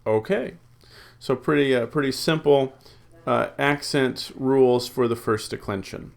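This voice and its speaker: In a creaky, mid-range voice, a man teaches a recorded Greek lesson. He repeats word forms slowly, reads off the rules, and talks himself through ideas with lots of ums and uhs.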